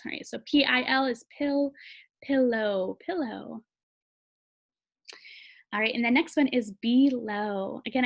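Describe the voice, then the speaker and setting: A young adult woman teaching a classroom phonics lesson in a patient, sing-song teacher voice. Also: on the high side.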